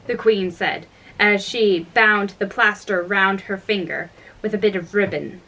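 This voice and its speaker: A woman reading a classic children's story aloud, unhurried, with small slips and restarts. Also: mid-range voice, bright, forceful tone, rough recording. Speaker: narrator.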